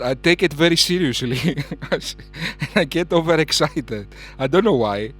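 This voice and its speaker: Animated, scornful male commentator. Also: fairly high pitch. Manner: scornful, mocking, laughs at his own outbursts. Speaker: commentator reacting to a debate clip. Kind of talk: heated reaction commentary.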